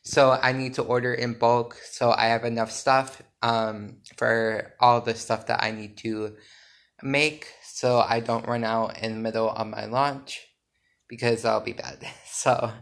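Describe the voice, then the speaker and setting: A drowsy man talking straight to his listeners in a loose, unscripted podcast update. His voice sits in an ordinary middle register. He wanders through his points with frequent fillers and quick self-corrections. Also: medium pitch, level tone, vocal fry, a bit bright. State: sleepy. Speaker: podcast host and small business owner. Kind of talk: casual solo podcast update.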